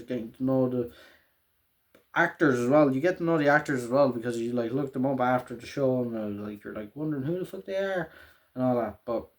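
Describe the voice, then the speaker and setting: A man's voice: mid-range voice, a little mellow. A young man in a casual vlog, rambling and swearing constantly as he recaps a TV finale, often tagging "right?" onto his sentences. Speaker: vlogger. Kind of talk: casual emotional TV show recap.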